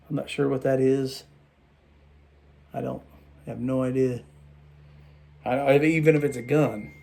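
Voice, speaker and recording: A tired man rambling through a casual toy review vlog late at night, halting and restarting his sentences. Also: mid-range voice, vocal fry, dark tone. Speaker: toy collector vlogger.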